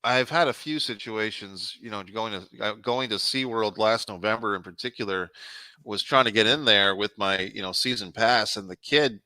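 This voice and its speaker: A man's voice: fairly low pitch, moderate pace, sharp tone, no room sound, low-quality recording. A man co-hosting a podcast, telling stories about himself with a laugh. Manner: storytelling, self-mocking, laughs often. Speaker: podcast co-host. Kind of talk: casual podcast chat.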